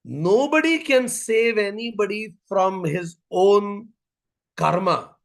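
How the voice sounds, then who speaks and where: A man giving a spiritual yoga talk at a symposium, telling stories and repeating key phrases deliberately. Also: high-pitched, vocal fry. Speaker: yoga speaker.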